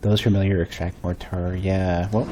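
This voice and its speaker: A man's voice: low voice, level tone, normal speed, warm tone, slight background noise. A man streaming a game, thinking aloud and rambling in a casual, self-mocking way. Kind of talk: casual gameplay commentary.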